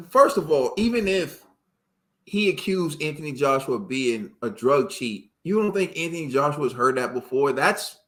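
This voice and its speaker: A man's voice: mid-range voice, a bit bright. Man arguing boxing takes. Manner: argumentative, rhetorical questions. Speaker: podcast host. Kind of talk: casual boxing chat.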